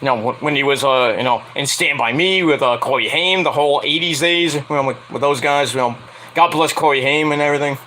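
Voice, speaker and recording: A man's voice: medium pitch, brisk, sharp tone, a little hiss or hum, poor audio. A young man reviewing a wrestling show in a rambling, casual way, laughing often and breaking into squealing impressions. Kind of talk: casual solo review vlog.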